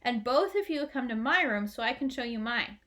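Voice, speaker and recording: A woman's voice: fairly high pitch, lively intonation, normal speed, a bit bright. A woman reading aloud, voicing an earnest, anxious young boy in a storybook. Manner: earnest, worried.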